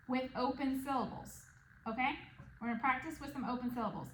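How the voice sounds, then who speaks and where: A woman's voice: sits high, a little fast. A woman teaching a one-on-one reading lesson, patiently checking in with the student. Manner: patient, checks in with "okay?" and "right?". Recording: echoey room with noise.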